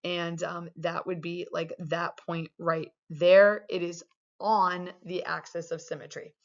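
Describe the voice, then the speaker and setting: Young woman math teacher, low-pitched, loose and chatty delivery, muffled recording. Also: flat delivery, slow pace. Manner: casual, chatty explaining with many fillers. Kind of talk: recorded video lesson. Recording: dull lo-fi sound.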